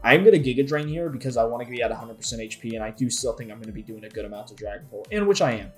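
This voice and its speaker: A man commentating his own competitive video game match, excitable, with frequent swearing and frustrated outbursts. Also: mid-range voice, racing, faint music behind. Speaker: gaming YouTuber.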